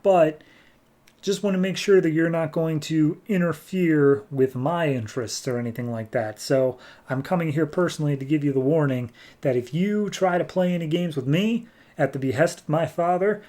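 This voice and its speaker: A man's voice: on the high side, moderate pace, warm tone, pitched above the performer's own voice, close to an everyday voice. A man voicing a smug male demon prince who delivers threats in a casual, mock-polite way.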